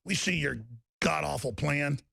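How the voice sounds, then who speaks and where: A man's voice: a little high, a little slow, creaky, pushed and bright, breathy edge, no echo, clean studio sound. A man hosting a political talk show, ranting angrily and repeating himself. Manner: angry, ranting, repetitive.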